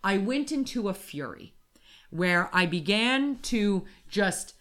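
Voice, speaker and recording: Woman co-host on a chatty podcast, animated rant, loud bits when she mimics herself. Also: medium pitch, slow pace. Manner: animated ranting, acts out her own shouting. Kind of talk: casual podcast storytelling. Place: apartment in Wimbledon.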